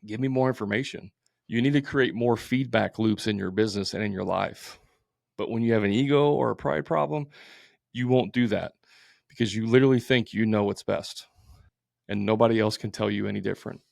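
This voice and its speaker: A man's voice: on the low side, a little fast, creaky, a little mellow, no echo, studio quality. A man hosting a solo podcast, talking bluntly and informally, repeating his points with plenty of fillers. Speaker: podcast host.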